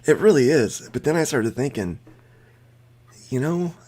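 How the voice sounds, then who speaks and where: A man's voice: medium pitch, animated, unhurried, darkish tone. A man casually telling a funny story on a podcast, laughing as he goes. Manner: joking, laughs mid-story.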